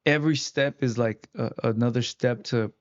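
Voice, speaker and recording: A man's voice: medium pitch, normal speed, dull audio. A man, an interview guest who fights, telling his story in casual chat with many fillers. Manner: rambling, lots of "like" fillers.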